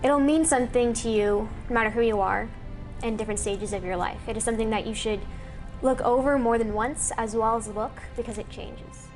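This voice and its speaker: A woman answers as an interview guest in an earnest, sincere tone. Her voice is a little high. Faint music sits behind her. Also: brisk.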